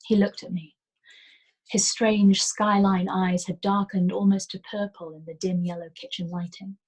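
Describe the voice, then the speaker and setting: A woman reading a novel aloud as a storyteller, in a soft and gentle manner that sometimes drops to a whisper. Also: medium pitch, level tone, normal speed, rough recording.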